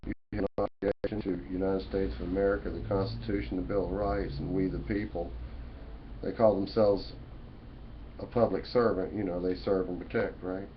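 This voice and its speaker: Speaking straight into his webcam, a male vlogger rambles in a folksy, preachy way, peppering his talk with "you know" and "man." His voice is low and level and moves fairly quickly. The webcam mic gives dull, lo-fi audio with faint room noise.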